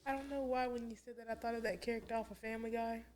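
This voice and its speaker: Laughing woman co-host, mellow voice. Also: fairly high pitch, steady tone, very fast, a little hiss or hum. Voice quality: laughing, chiming in with short backchannels. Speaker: podcast co-host. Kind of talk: casual chat.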